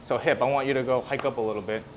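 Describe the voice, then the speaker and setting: A man's voice: mid-range voice, steady tone, rapid-fire, a little hiss or hum, lightly acted, poor audio. A man voicing the nervous system as a bossy team leader, handing out casual orders to body parts in a spoken lesson. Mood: commanding.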